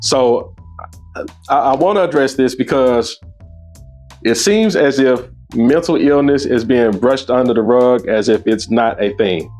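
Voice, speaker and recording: A male host talks over a clip in a mid-pitched voice, emphatic and scornful, and his pitch climbs when he is indignant. Faint music runs underneath his commentary. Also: a little slow, a little mellow.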